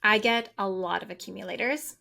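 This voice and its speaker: A woman business coach talking excitedly and at length in a casual podcast conversation. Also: mid-range voice, brisk, creaky.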